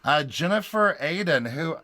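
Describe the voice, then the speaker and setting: A man's voice: a little high, lively intonation, a little slow, sharp tone, no room sound. A man co-hosting a podcast in casual chat, talking in a chatty way with stammering restarts. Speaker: podcast co-host. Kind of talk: casual chat recapping a reality show.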